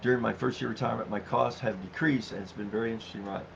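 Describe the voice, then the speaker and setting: A middle-aged man hosts a relaxed livestream at mid pitch, his voice gravelly with fry. He chats loosely, laughs often and reads viewer comments out loud. The audio is dull and lo-fi, with a faint hiss behind him. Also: very fast. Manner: chatty, laughs easily, reads comments aloud. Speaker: livestream host reading chat. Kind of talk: casual live-stream chat. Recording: dull low-fi stream audio with faint noise.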